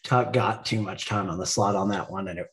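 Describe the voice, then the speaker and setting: Guy with a lowish voice doing a hockey podcast recap, chatty, laughs a lot. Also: fairly even intonation, fairly quick. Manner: play-by-play recap, laughs often. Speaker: podcast co-host. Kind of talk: casual sports chat.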